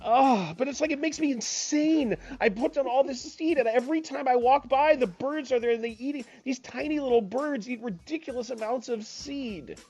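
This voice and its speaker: A comic storyteller ranting in an exasperated, animated way and acting out each voice in the story. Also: high voice, normal speed, hardly any pauses, faint music behind.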